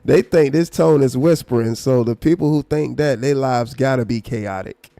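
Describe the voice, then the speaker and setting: Gravelly man ranting calmly. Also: no room sound. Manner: calm, low, unhurried speaking tone; blunt and profane. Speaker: live stream host. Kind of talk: casual commentary rant.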